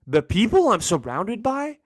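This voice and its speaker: A young adult man hosts a podcast, delivering a casual solo rant full of slang and swearing. He's animated and jumps into mocking high-pitched voices, speaking a little slowly in a dry recording.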